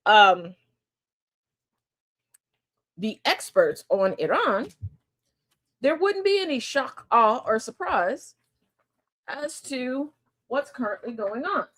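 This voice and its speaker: Woman host, sharp-tongued and sarcastic commentator, fairly high voice, chatty stream delivery. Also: big pitch swings, takes it slowly, long pauses. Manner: sassy and sarcastic, laughs often, mocks voices in quotes. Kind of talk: casual political commentary.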